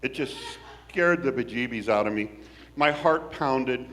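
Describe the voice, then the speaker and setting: A man from Washington State, telling a personal story in an animated, folksy, wry way. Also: medium pitch, a little slow.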